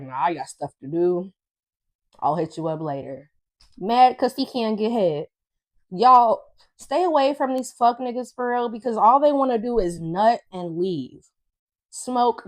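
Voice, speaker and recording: A young woman vlogger telling a story in a blunt, sassy, profane way to her viewers. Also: mid-range voice. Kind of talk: casual storytime vlog.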